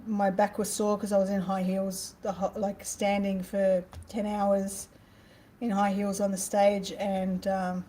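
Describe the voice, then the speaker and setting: An Australian woman chatting casually on a livestream, effusive and greeting viewers from the chat, her voice a bit worn and hoarse. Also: medium pitch, level tone, a little slow, mellow, low-quality recording. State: losing her voice. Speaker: livestream host. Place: apartment, indoors.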